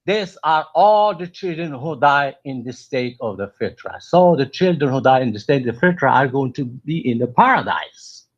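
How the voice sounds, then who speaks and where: A man's voice: mid-range voice, lively intonation, moderate pace, few pauses. A man calling in to a debate show, hesitant and stammering with frequent restarts. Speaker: caller. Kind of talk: call-in debate. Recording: dull phone-line caller audio.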